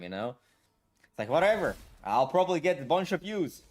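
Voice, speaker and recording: Lively, profane man ranting on stream. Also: fairly high pitch, fairly quick. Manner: blunt, profane, filler-heavy with "like" and "bro". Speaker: gaming streamer. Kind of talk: casual ranting stream talk.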